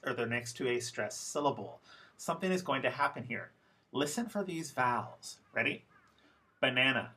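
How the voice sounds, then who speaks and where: A man teaching English pronunciation in a lecture, speaking deliberately and repeating example words slowly for learners. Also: mid-range voice, pushed and bright. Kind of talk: recorded classroom lecture.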